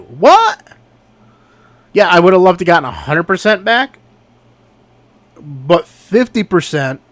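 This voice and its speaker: Guy venting about a bad sale, kinda high voice, dead dry sound. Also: dry recording. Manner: exasperated, animated retelling. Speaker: online reseller. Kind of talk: casual storytelling vlog.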